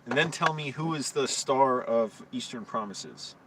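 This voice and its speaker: A man's voice: mid-range voice, measured pace. A man in a casual vlog, rambling in a crude, self-deprecating, tired way. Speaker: vlogger, homeless filmmaker. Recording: distant mic with traffic noise.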